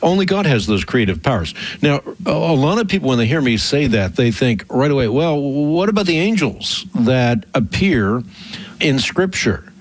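A man hosting a radio call-in program, answering a caller in a measured, emphatic teaching manner that stretches out key phrases. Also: mid-range voice, expressive, no room sound.

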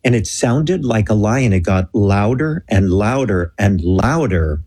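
A man telling a story in an earnest, animated way on a Christian talk show, acting out the dialogue. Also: fairly low pitch, a little slow, husky. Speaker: guest telling a mission story.

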